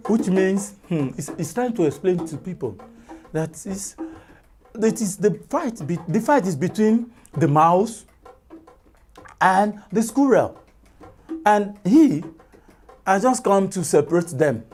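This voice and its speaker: A woman telling a folk tale in an animated, chatty way, with asides to listeners. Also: medium pitch, slow, long pauses, faint music behind. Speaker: storyteller.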